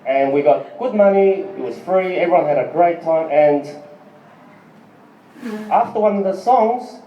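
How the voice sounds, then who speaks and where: A man's voice: high-pitched, unhurried. A man from Australia, doing a rambling, profane stand-up set with lots of ums and asides to the crowd. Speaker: stand-up comedian and band musician. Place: small live music venue. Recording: far-off lo-fi recording in an echoey venue.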